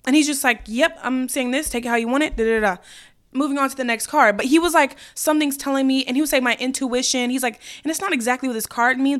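A young woman hosting a solo podcast, talking in a loose, animated, rambling way and swearing casually. Her voice sits a little high for a woman. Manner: chatty, animated, swears casually, scattered storytelling. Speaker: podcast host.

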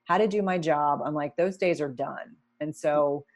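A middle-aged woman, a nurse practitioner turned entrepreneur, telling her story in an interview in a candid, animated way with many restarts and asides. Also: sits low, moderate pace.

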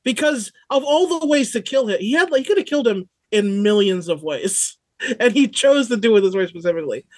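A man co-hosting a podcast, explaining his thoughts in a relaxed, rambling way full of "like". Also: high voice, a little fast. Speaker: podcast co-host. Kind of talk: casual chat.

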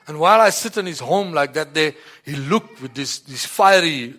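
A man's voice: a little high, expressive, a bit bright. Rambling man telling his testimony. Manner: rambling, repeats "you know" and "like that"; halting, many restarts and fillers. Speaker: church member giving testimony. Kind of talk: personal testimony.

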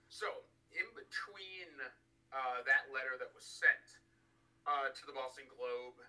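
A man co-hosting a casual podcast from home, telling a story in a joking, animated way. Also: medium pitch, slow pace, distant mic, rough recording. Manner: animated, joking, bursts into put-on voices and laughter. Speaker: podcast co-host. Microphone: home recording during a snowstorm.

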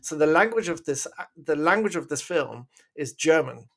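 A man's voice: on the high side, expressive, moderate pace, fairly bright tone. A man co-hosting a casual film review podcast, upbeat and teasing, laughing easily. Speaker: podcast co-host.

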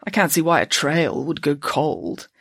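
A woman's voice: sits low, sing-song, a little slow, fairly bright tone, breathy edge, dry recording, clean studio sound, heavily acted. A woman reading aloud, voicing a vague, absent-minded middle-aged male physicist who takes everything literally. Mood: bemused. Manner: bemused, dithering, literal-minded.

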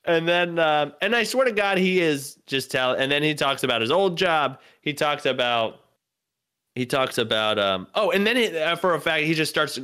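Bright, crisp-voiced comedian rambling through a story. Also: male voice, on the high side, lively intonation, moderate pace. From North Carolina, USA. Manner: rambling, profane, lots of filler words. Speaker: comedian and podcast co-host. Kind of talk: casual storytelling.

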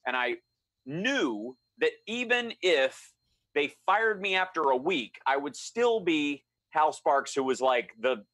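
Bright-voiced man telling a story. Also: a little high, takes it slowly. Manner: animated, acts out quoted voices. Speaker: guest storyteller. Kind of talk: casual storytelling chat.

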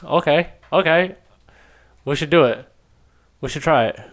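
A young man co-hosting a casual chat, making crude jokes in a deadpan way. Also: fairly high pitch, a little slow. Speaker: podcast co-host.

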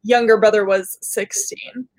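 A young woman with a Canadian accent, whose first language is Arabic, chatting as a guest on a video call, bubbly and quick to laugh. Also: medium pitch, steady tone, a little mellow, no room sound. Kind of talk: casual interview chat.

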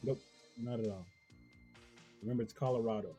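A man's voice: mid-range voice, brisk, warm tone, soft background music. A man co-hosting a podcast in casual chat, joking bluntly with mock indignation. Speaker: podcast co-host.

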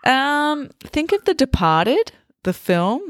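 A woman's voice: sits high, very animated, slow. A woman hosting a podcast and chatting in a friendly way, with frequent ums. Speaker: podcast host. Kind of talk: casual interview chat.

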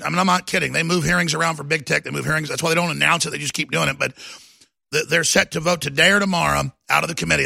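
A high, gravelly man hosts a talk radio show. His bright, fiery voice keeps rising into shouts and rants, then dropping to low asides. The studio sound is dry. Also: no room sound.

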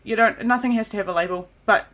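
Bright-voiced New Zealand woman. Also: mid-range voice, fast. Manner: chatty, laughs often, self-deprecating. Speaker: podcast host. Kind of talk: casual chat.

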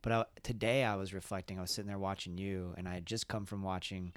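A man's voice: deep voice, little pitch movement, quick pace, smooth, dry recording. A man hosting a podcast, chatting reflectively in a casual interview, with many restarts. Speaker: podcast host. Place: room at a music festival.

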